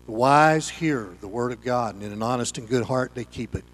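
A man preaching a sermon as pastor, swinging between loud emphatic lines and hushed ones. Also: medium pitch, moderate pace. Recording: long hall reverb.

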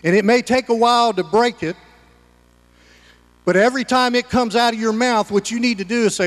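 A man's voice: high voice, expressive, moderate pace, long reverb tail. A man preaching a sermon as pastor, folksy and conversational, with homespun humor.

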